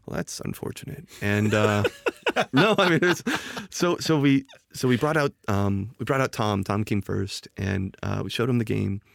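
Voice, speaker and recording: A man with a lowish, gravelly voice tells a long story about game design in a relaxed interview. He rambles, restarts his sentences and fills gaps with ums. The sound is dry and close to the mic. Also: a little slow, no echo. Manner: rambling, many restarts and fillers. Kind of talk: casual podcast interview.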